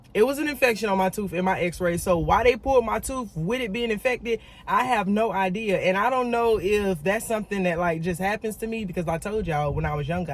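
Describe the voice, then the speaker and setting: This vlogger, a woman with a mid-range voice, speaks directly to her audience while recounting a story. She's lively and forceful, often saying words twice for emphasis.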